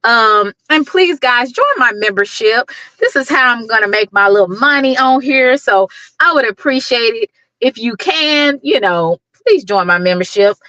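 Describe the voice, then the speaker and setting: A woman's voice: on the high side, animated, moderate pace, sharp tone, dry recording, dull audio. A middle-aged woman hosting a casual livestream, greeting viewers by name and talking with lots of fillers. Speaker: YouTube livestream host.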